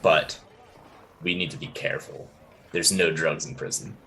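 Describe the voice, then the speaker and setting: A man playing his character in a tabletop game, calm and measured. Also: extremely low pitch, a little hiss or hum, poor audio. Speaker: player.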